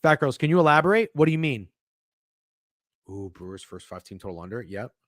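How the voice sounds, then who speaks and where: A young man hosting a sports betting livestream, talking casually and excitably, swearing often and restarting his sentences. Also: medium pitch, brisk, no room sound, studio quality. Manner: excitable, profane, rambling with frequent restarts. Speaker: sports betting show host.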